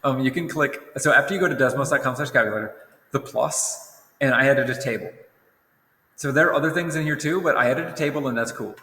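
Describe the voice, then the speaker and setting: A man's voice: medium pitch, brisk, bright, forceful tone. A tired young man teaching a recorded lesson in a casual, rambling way, often correcting himself. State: tired, yawning. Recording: roomy echo with long reverb.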